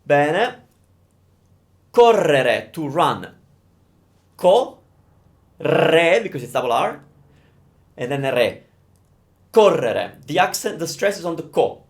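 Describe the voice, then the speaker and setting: A young Italian man with an Italian accent, teaching pronunciation live and stretching out sounds to demonstrate them. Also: on the high side. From Italy. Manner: animated, drawn-out demonstrations of sounds. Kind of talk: live-streamed pronunciation lesson.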